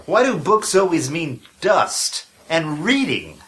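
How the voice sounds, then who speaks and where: A man voicing a sarcastic, grumpy adventurer in a comedy audio drama, with a deadpan delivery. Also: on the high side, slow.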